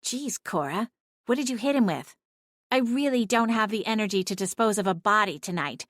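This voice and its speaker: A woman's voice: mid-range voice, lively intonation, moderate pace, a bit bright, dry recording, natural voice. A woman voicing a small, sassy female talking cat who is bossy and bloodthirsty, in a dry audiobook reading. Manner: snarky, bossy, dramatic.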